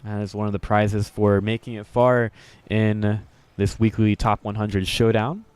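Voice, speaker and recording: A man's voice: lowish voice, little pitch movement, unhurried, darkish tone, clear, resonant tone. A man giving upbeat, jokey play-by-play commentary on a video game match, chuckling often and poking fun at himself. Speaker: esports commentator.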